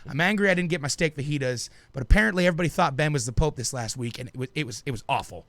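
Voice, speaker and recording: A man co-hosting a podcast, telling a comic tall tale in an animated way. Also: a little high, very fast, no room sound. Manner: animated, builds a tall tale with rising excitement. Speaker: podcast co-host. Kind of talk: casual comedic storytelling.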